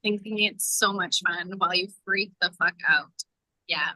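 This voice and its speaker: Bright, dry-sounding chatty woman. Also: lowish voice, no echo, low-quality recording. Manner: chatty, quick to chime in. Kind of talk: casual chat.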